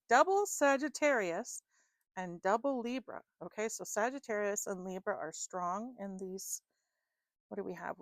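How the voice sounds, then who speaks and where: A woman's voice: mid-range voice, no echo. Woman rambling about herself between tarot pulls, lots of like and um, dry close sound. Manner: chatty, self-deprecating, laughs often, many fillers. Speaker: tarot card reader. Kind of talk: rambling casual monologue.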